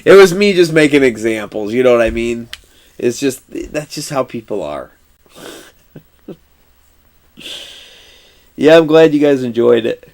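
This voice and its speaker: A man's voice: medium pitch, animated, a little slow, pauses often, a little mellow, no room sound. A man in his thirties streaming a game, chatting casually, rambling and cursing freely with frequent laughs. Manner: laid-back, rambling, swears freely, laughs often. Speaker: gaming streamer. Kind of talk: casual live-stream chat while playing.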